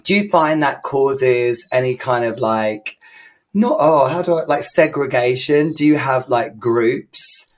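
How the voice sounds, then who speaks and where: A chatty man hosts a relaxed podcast conversation, joking and telling animated stories in a mid-pitched voice. His talk is loose and friendly, full of asides and quick laughs. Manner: chatty, jokey, animated storytelling. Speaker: podcast host. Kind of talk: casual interview chat.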